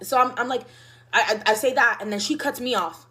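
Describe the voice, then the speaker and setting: A woman in her mid-twenties tells a casual storytime, rambling, stuffing her sentences with fillers and acting out what everyone said in an animated retelling. She talks fast with a fairly high pitch.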